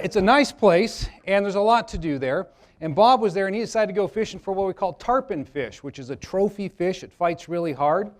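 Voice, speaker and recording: A man, an attorney, giving a live workshop talk to an audience, chatty and joking as he tells stories. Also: sits high. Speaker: attorney presenting a seminar.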